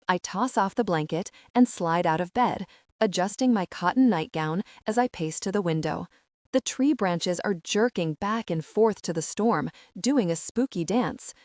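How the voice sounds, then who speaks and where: A woman reading a romance audiobook as emotive first-person scripted narration, with measured, dramatic slowdowns. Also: mid-range voice, darkish tone, dry recording, studio quality.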